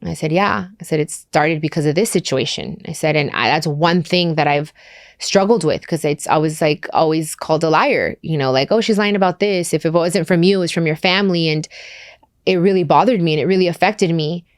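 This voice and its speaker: Woman podcast host, low-pitched, dry close sound, candid emotional storytelling. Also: a little fast, no room sound. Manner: candid, emotional, quotes others in dialogue. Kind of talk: personal storytelling.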